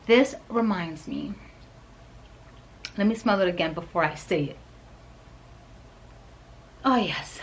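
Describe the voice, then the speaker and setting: A woman reviewing perfume in a vlog, gushing and excitable, with soft whispered asides. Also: lowish voice, takes it slowly, pauses often, poor audio. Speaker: fragrance reviewer.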